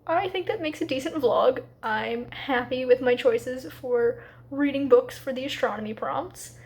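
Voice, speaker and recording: A woman talking casually in a reading vlog, chatty and a little rushed, with lots of fillers. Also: sits high. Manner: quick, slightly rushed asides. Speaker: book vlogger.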